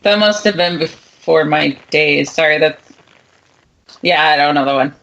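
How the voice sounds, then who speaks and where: A woman's voice: deep voice, measured pace, vocal fry, a bit bright. A middle-aged woman co-host with a blunt, dry, teasing way of talking in a casual chat. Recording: dull audio with faint noise.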